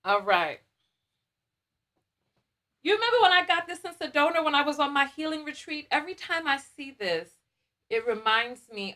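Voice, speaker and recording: A woman's voice: high voice, very animated, moderate pace, pauses often, pushed and bright. A woman talking casually and emotionally on a livestream, repeating herself and thanking viewers. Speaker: vlogger and aspiring public speaker.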